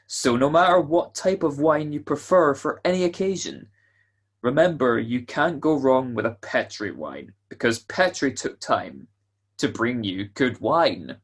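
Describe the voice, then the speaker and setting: An actor playing a jovial male announcer of an old-time radio show, with a husky voice and folksy, salesman-like patter. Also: mid-range voice, lively intonation, measured pace. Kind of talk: 1940s radio acting.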